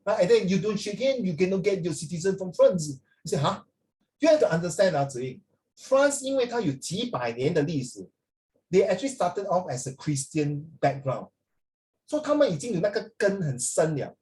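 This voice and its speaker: Middle-aged man, Singaporean English accent, teacher, lecturing a class, blunt and opinionated, a bit high-pitched. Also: very animated, moderate pace, darkish tone, poor audio.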